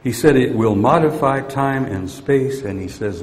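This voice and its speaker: A man's voice: mid-range voice, measured pace, hardly any pauses, a little hiss or hum. An older man giving a rambling, grumpy, folksy talk to an audience. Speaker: speaker addressing an audience. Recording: long hall reverb.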